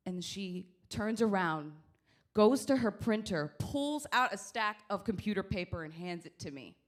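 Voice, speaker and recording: A woman doing stand-up comedy, telling stories in a brash, profane, animated way. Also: mid-range voice, normal speed.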